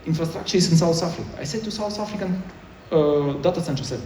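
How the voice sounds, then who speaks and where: A man's voice: on the high side, fast, hardly any pauses, darkish tone, a little hiss or hum. A man giving a conference talk in choppy, non-native English, with many restarts. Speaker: conference speaker. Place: conference hall. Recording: echoey hall, mic far off.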